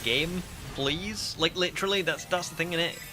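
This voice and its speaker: A man's voice: on the high side, normal speed, sharp tone, soft background music. A young man with a northern English accent and a slight Scouse twang, chatting casually on a live stream and reading viewer comments aloud. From northern England.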